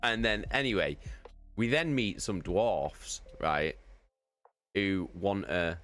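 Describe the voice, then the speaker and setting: A man's voice: deep voice, fairly bright tone. A man streaming live, casually telling a tabletop game story, swearing constantly and laughing often.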